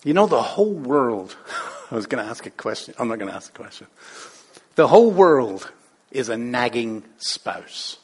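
A man's voice: medium pitch, very animated, normal speed, breathy edge. A man preaching a sermon in a playful, conversational way, full of rhetorical questions. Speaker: pastor.

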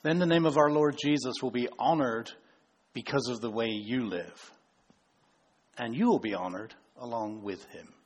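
A man's voice: mid-range voice, normal speed, husky. A man leading a church gathering as pastor, preaching emphatically. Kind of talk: sermon.

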